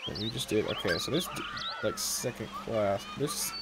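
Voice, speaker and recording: A man's voice: on the low side, wildly swooping pitch, normal speed, very noisy. A young man giving casual, slangy game commentary on a stream, swearing, laughing and chatting with viewers. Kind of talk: casual let's-play commentary. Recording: loud game music underneath. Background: game music.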